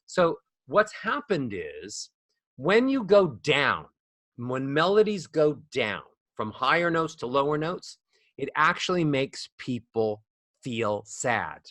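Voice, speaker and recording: A man teaching as a voice coach guest on a podcast, animated and demonstrating rising and falling speech melodies. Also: medium pitch, slow, no echo. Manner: demonstrates speech melodies with sung-up acted examples. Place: studio.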